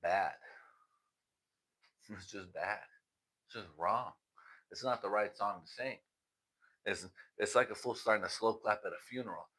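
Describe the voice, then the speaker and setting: A man's voice: fairly low pitch, unhurried, pauses often, bright, forceful tone, breathy edge. A man hosting a casual livestream, telling stories with plenty of swearing and laughter. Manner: profane, laughing storyteller. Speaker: livestream host.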